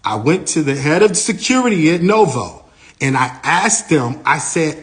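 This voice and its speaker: A man, a manager, giving a lively first-person account of an incident, his voice rising and getting louder as he gets heated. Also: moderate pace. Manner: animated, grows louder and higher when heated.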